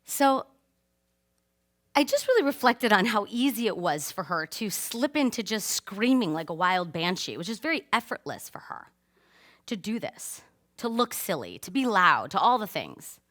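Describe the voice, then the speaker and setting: A woman in her thirties giving a personal talk to a live audience. Her voice swoops lively up and down with a bright edge, and she acts out the scenes she describes with real animation. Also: medium pitch, moderate pace. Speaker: speaker giving a stage talk.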